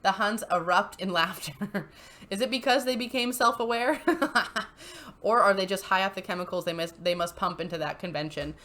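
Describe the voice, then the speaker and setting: A woman's voice: medium pitch, moderate pace, bright, forceful tone. Chatty, giggly woman commentator. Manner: chatty, giggly, full of fillers. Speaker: channel host. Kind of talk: casual commentary on posts.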